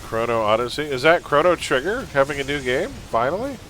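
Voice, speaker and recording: A man's voice: fairly high pitch, expressive, brisk, a bit bright, slight background noise. A man from Canada with a mild Canadian accent, chatting casually as he streams a game and reads its text aloud. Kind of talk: casual live-stream commentary.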